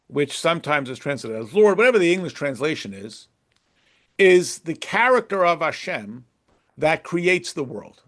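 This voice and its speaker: High, lively male Torah teacher. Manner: acts out imagined dialogues with shifting voices; emphatic, repeats words for stress. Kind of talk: classroom lesson on a religious text. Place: classroom with a board.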